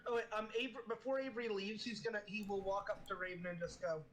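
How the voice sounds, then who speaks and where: A man's voice: high voice, fast, a crowd in the background, low-quality recording. A man playing a tabletop game, talking in an easygoing, casual way. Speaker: player.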